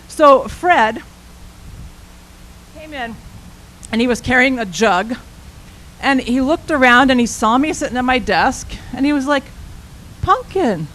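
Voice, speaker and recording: A woman's voice: sits high, a little slow, long pauses, rough recording. Woman telling a story from the pulpit. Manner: warm, animated storytelling with an easy, conversational tone. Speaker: intern minister. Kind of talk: personal storytelling sermon.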